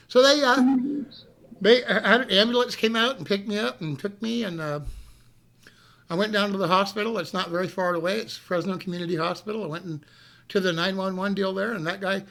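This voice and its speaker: A man telling a story casually on a live stream, animated, swearing freely and laughing as he goes. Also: high-pitched, fairly quick, vocal fry.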